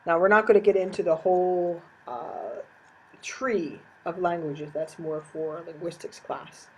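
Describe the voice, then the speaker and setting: A woman's voice: on the low side, a little slow, darkish tone, slight background noise, rough recording. A woman teacher giving a recorded lecture, explaining terms step by step and repeating key definitions.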